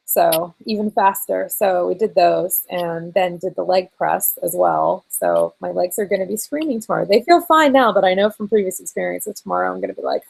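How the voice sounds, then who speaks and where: A woman rambles through a casual live-streamed video chat, giggling between thoughts. Her voice has a gravelly fry at the bottom, and she talks in loose, looping sentences full of fillers. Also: fairly low pitch, brisk, few pauses, a little mellow, poor audio. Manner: giggly, rambling, lots of likes. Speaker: vlogger. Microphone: video call.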